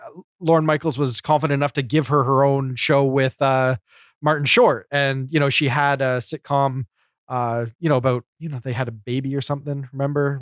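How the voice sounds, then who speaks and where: A man's voice: mid-range voice, no echo, clean studio sound. A man co-hosting a podcast, chatting casually and analytically about a comedy show, with plenty of fillers. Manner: talkative, analytical, many fillers. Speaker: podcast co-host.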